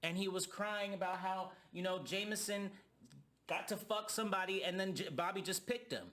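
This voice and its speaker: A man's voice: high-pitched, normal speed, sharp tone. A young man giving a heated, profane rant reviewing a reality TV reunion. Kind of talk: ranting commentary.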